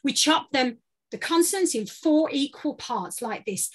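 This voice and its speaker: High-voiced British woman leading warm-ups. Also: expressive, normal speed. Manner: encouraging, playful instructions. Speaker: voice workshop leader. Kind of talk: guided vocal warm-up.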